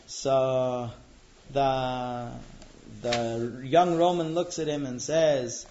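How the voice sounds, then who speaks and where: A man telling a traditional religious tale in a relaxed way, pausing on fillers. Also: mid-range voice. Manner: relaxed, with frequent fillers and restarts. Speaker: storyteller. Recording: dull lo-fi recording.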